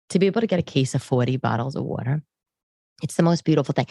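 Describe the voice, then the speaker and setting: Low and creaky, this New York-accented woman in her forties is heard in a dry recording. A comedian, she hosts a podcast from her living room, wandering through a chatty, aside-filled monologue.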